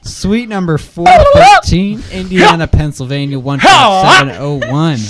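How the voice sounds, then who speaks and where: A man's voice: high voice, wildly swooping pitch, a little slow, a loud crowd. A man hosting a live college radio show, reading out event details in an announcer-like way. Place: radio studio.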